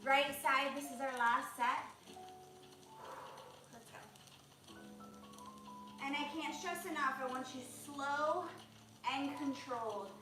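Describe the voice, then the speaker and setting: A young woman guides a live home leg workout, coaching form and counting reps in an upbeat, chatty way. Her voice sits high and she stands back from the mic in a very echoey room. Clear music plays behind her. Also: takes it slowly, long pauses, distant mic. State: out of breath at times. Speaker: fitness instructor.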